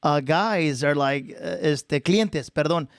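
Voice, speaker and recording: A podcast host from Texas chats casually, moving freely between English and Spanish. His voice sits a bit high for a man. The sound is dry and close. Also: takes it slowly, no room sound. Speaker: podcast host, mariachi musician. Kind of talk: casual bilingual chat.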